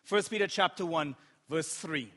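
A man's voice: fairly high pitch, normal speed, a bit bright. A man preaching a sermon as pastor, impassioned and joking with his congregation now and then. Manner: impassioned, playful asides to the congregation. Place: church sanctuary. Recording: long hall reverb.

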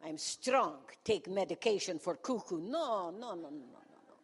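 A woman's voice: on the low side, animated, moderate pace, breathy edge. A woman in her sixties voicing a stubborn, proud woman with a mock German accent and clipped, broken grammar, defiant in tone, in a hall with long reverb.

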